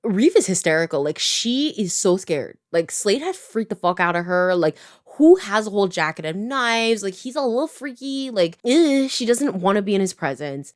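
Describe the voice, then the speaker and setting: Chatty young woman, lively sarcastic recap. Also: mid-range voice, no echo, studio quality. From Canada. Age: 20s. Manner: chatty, filler-heavy, sarcastic asides. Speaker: writer and video creator. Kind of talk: casual plot recap to camera.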